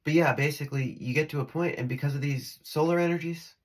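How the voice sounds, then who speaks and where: Talking fast in a voice on the high side, a man records a rambling spiritual vlog on his phone. His sentences restart as he wanders across topics, and he giggles along the way.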